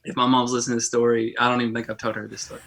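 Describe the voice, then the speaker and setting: A man co-hosting a church podcast, telling a childhood story in a lively, chatty way with many restarts. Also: mid-range voice, very fast, vocal fry, slight background noise. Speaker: podcast co-host. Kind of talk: casual storytelling chat.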